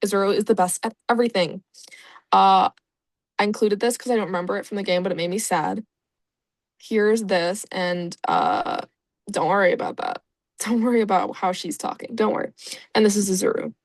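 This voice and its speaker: A woman's voice: medium pitch, animated, normal speed, no room sound. Sarcastic woman rambling through an explainer. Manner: rambling, sarcastic, swears freely. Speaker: video creator. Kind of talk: casual explainer vlog.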